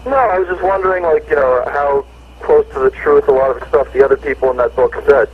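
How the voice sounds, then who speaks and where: A man's voice: a little high, slight background noise. Polite male caller on a muffled line. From California, US. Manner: polite, halting, with fillers. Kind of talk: phone-in question.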